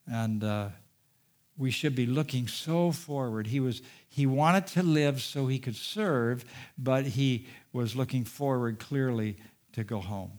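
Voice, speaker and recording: A man preaching a sermon, reading scripture aloud and commenting, with emphatic peaks and quiet, soft-spoken asides. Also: mid-range voice. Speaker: pastor.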